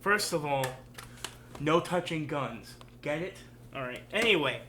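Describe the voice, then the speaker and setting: A man's voice: a little high, lively intonation, unhurried, background noise. A man hosting a casual reaction show who rambles through his commentary with many fillers. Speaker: show host.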